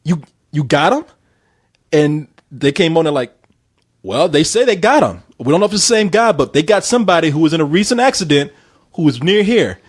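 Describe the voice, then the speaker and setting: A man telling a story in casual chat, animated and swearing freely, acting out the voices of the people in it. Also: fairly high pitch, fairly quick, slightly rough, dry recording, clean studio sound.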